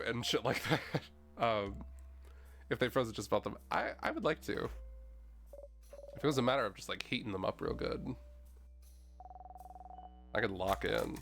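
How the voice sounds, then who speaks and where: A man's voice: fairly low pitch, vocal fry, fairly bright tone. A man streaming a video game, reading its text aloud and rambling in a casual, chatty way with plenty of "like" and mild swearing. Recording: faint game music underneath.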